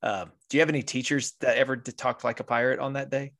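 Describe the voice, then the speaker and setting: A man in his thirties hosts a relaxed podcast chat. He jokes around and laughs at his own gags. His voice sits at an ordinary, mid-level pitch for a man. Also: fast talker. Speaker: podcast host.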